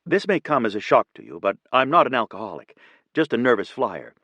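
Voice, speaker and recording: A male narrator voicing a weary, wry woman who talks with quiet, dry understatement. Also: mid-range voice, very animated, brisk, no room sound, voice pushed up.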